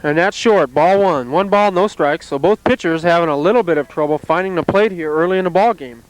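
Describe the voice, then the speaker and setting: A man calling play-by-play at an amateur softball game outdoors, in a calm, steady, plainly descriptive way. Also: a little high, brisk, low-quality recording. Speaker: play-by-play announcer.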